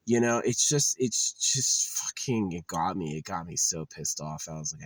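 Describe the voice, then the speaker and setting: A man's voice: low-pitched, normal speed, a bit bright, breathy edge, dry recording. A tired young man ranting casually about a game, frustrated, swearing often and rambling with lots of fillers. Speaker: gamer venting about a game. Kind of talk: casual rant to camera.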